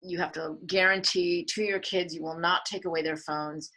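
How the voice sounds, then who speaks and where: A woman's voice: fairly low pitch, moderate pace, poor audio. A middle-aged woman, a filmmaker and mother, speaking earnestly as a guest in a conversational interview. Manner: earnest, animated when quoting others.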